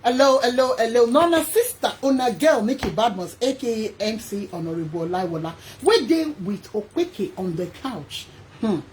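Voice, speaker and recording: A woman with a Nigerian accent hosting her own vlog, talking straight to her viewers in an emphatic, animated way. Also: on the high side, moderate pace, soft background music. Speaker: host. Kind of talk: casual vlog monologue.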